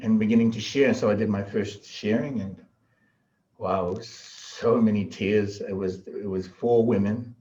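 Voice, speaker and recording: A middle-aged man with a fairly low voice tells stories in a loose, animated way. He laughs often and slips into the voices of the people he quotes. The recording sounds a little dull and lo-fi. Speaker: podcast guest, shaman. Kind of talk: casual storytelling.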